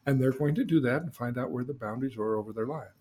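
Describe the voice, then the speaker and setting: A man hosting a podcast, telling a long story in an animated way, often repeating words as he starts a thought. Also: mid-range voice, fast talker. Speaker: host.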